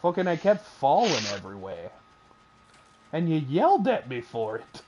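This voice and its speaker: A man's voice: fairly high pitch, wildly swooping pitch, moderate pace, darkish tone, a little hiss or hum. A man hosting a casual game stream, joking around and swearing freely at a home desk mic. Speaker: streamer host.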